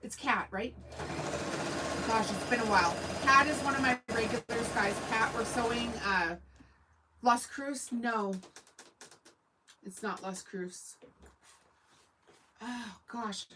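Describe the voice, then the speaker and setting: Speaking slowly with long pauses, a Canadian sewing channel host with a slightly high voice runs a casual livestream. She rambles and responds to viewers' comments over a noisy background.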